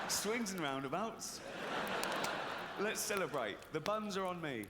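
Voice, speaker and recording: A man's voice: high-pitched, expressive, measured pace, long pauses. Sardonic man doing stand-up. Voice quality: profane, sardonic delivery. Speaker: stand-up comedian. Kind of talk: stand-up comedy routine. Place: large concert arena stage. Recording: arena recording with long reverb and audience noise.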